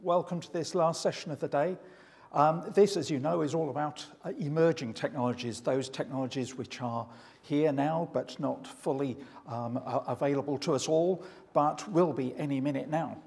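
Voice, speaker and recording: Gravelly man chairing a conference session. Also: on the high side, a little mellow. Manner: measured, hesitant with fillers. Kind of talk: formal session introduction. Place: conference hall. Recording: long reverb of a large hall.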